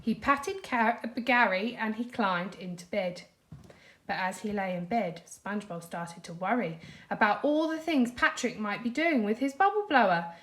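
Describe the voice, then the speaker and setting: A British-accented female primary school teacher reads a storybook aloud to children, expressive and animated. Her voice is medium-pitched and her pace moderate.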